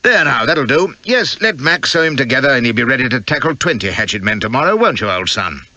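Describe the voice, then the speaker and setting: A man's voice: medium pitch, sing-song, brisk, pushed and bright, no room sound, muffled recording, pitched above the performer's own voice, exaggerated voice. A man voicing a jolly, callous adventurer leader of about forty in an audiobook, with breezy, teasing banter. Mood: hearty. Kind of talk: audiobook character voice.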